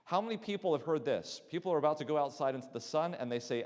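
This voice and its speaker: A man's voice: fairly high pitch, big pitch swings, fast talker, hardly any pauses. A middle-aged man, a sleep specialist, lecturing a church audience in a conversational way and asking the room questions. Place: lecture hall. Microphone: handheld mic, swapped mid-talk. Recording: long hall reverb.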